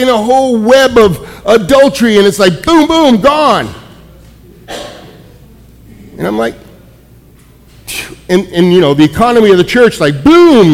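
Man, preacher, sermon storytelling, slightly high voice, long hall reverb. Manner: animated storytelling, many restarts. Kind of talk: sermon with personal stories.

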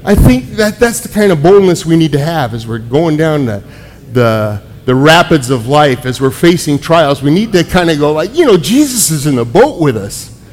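A man preaching to a congregation, telling personal stories in an animated way with frequent restarts. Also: a little high, normal speed. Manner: animated storytelling, many restarts. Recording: echoey hall with long reverb.

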